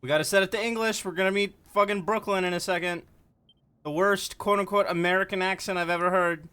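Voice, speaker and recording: A man's voice: sits high, steady tone, fast talker, sharp tone, smooth. A man streaming a video game, chatting casually and joking, swearing freely. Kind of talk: casual live-stream commentary. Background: game music.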